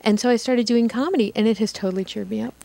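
A woman's voice: a little high, steady tone, fast talker, gravelly, mellow. A woman co-hosting a talk show, chatting in a friendly, easygoing way. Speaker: co-host. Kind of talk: casual talk-show chat.

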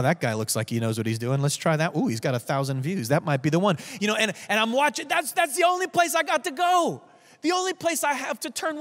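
Male pastor, high-pitched, lively sermon delivery with hushed asides, long church reverb. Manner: animated storytelling, drops to soft near-whispers.

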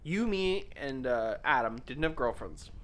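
This young podcast host speaks at medium pitch and a measured pace. He's recounting a party story in a casual chat, animated and swearing as he acts out what people said.

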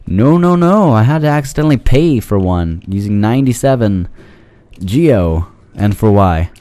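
Goofy lively low-voiced man. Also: moderate pace, dry recording. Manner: goofy, talks back to enemies, yelps and pleads. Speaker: let's play commentator. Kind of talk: gameplay commentary.

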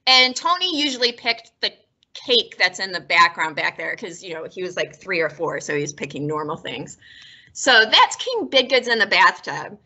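A woman's voice: on the low side, sing-song, moderate pace, bright, forceful tone, highs cut off. A woman librarian hosting a casual book talk, chatty and self-deprecating, often laughing. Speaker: librarian and host.

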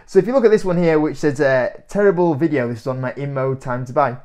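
A young man talking casually to camera as an investing YouTuber, animated and incredulous, laughing often as he reacts to comments. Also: fairly high pitch, fast.

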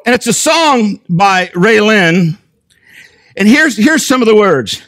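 An older male pastor preaches with a high-pitched voice that leaps around a lot. He tells his story in an animated way and now and then bursts into a shout. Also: takes it slowly. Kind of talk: sermon.

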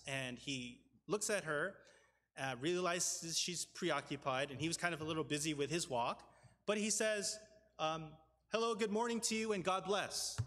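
A young man preaches with a fairly high voice, earnest and halting, full of fillers and restarts. His words ring out through the long reverb of a church hall. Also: fairly bright tone. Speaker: pastor. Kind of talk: sermon storytelling. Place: church sanctuary.

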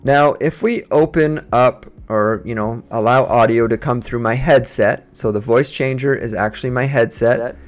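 A man's voice: medium pitch, moderate pace, hardly any pauses. Man giving casual step-by-step tech instructions. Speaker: gaming streamer. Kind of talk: software setup tutorial. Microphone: USB desk microphone.

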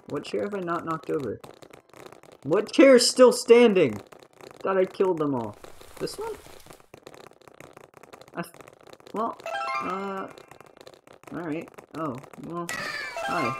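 Excitable young woman streaming a game. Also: sits low, poor audio. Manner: chatty, excitable, swears freely. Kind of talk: casual live game commentary.

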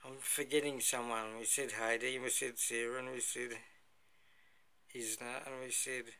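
A man vlogging casually while he stretches, playful and laughing often as he gives shout-outs. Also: medium pitch, flat delivery, moderate pace. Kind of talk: casual chat during a stretching routine.

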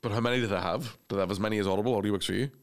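A man co-hosting a podcast, joking around in quick, animated casual banter. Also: lowish voice. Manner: quick, animated, jokey, slips into silly put-on voices. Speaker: podcast co-host.

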